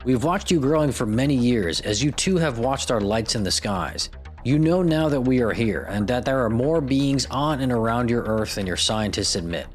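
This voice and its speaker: A male podcast host with a mid-range voice, narrating stories and breaking in with crude, jokey asides. His delivery is casual, irreverent and comedic. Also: medium pitch.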